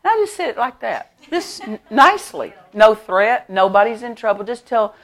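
A middle-aged woman pastor preaching a sermon at a church service. She tells stories with lively emphasis, laughs often, and repeats her key phrases. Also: a little high, moderate pace. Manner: animated storytelling with frequent laughter.

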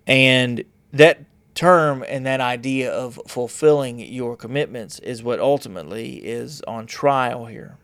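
A man's voice: mid-range voice, vocal fry, dry recording. A man talking in a rambling, blunt and self-mocking casual monologue.

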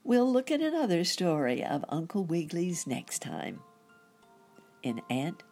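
A woman storyteller reading a children's story aloud in a gentle, expressive way. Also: on the low side, a little slow, soft background music.

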